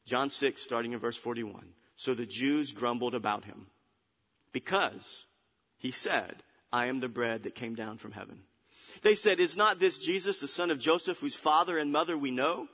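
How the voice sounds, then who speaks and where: A pastor preaching a sermon, animated, reading scripture and acting out a muttering crowd. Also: male voice, mid-range voice. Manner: animated, acts out grumbling crowd with muttered asides. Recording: long hall reverb.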